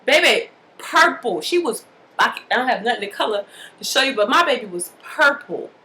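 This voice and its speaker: A woman casually telling a personal story to the camera in a lively, colloquial way, acting out the scenes as she goes. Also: a little high, moderate pace, slight background noise, low-quality recording. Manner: animated, colloquial, acts out the scenes. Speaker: mother telling a birth story.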